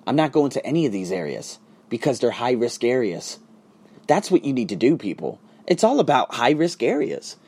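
A man ranting casually and profanely to his viewers, swinging between loud outbursts and hushed asides. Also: medium pitch, very animated, moderate pace, breathy edge. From United States. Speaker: vlogger and online teacher. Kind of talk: casual profane rant to camera.

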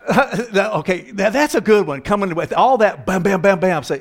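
An older man who works as a counselor tells humorous, self-mocking stories and acts out the voices of the people in them. His voice sits high with lively intonation, at normal speed.

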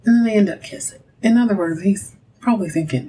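A woman hosting a podcast, recapping a soap opera episode in a sassy, animated storytelling way, with direct asides to her listeners. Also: mid-range voice, fast talker, breathy edge, poor audio. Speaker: podcast host.

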